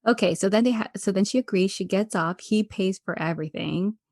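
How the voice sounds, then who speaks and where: A woman's voice: medium pitch, a little fast, no room sound, studio quality. A woman co-hosting a podcast, chatting casually and animatedly about a reality show and acting out scenes from it. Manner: animated, acts out quotes from the show. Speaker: podcast co-host. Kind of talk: casual reality-TV recap chat.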